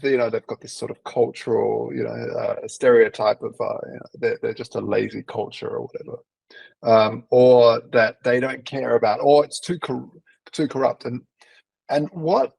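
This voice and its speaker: A man's voice: medium pitch, creaky, a little mellow, husky, no echo, poor audio. A man hosting an interview, telling long rambling stories in casual chat. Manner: rambling storyteller with fillers and restarts. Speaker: interview host.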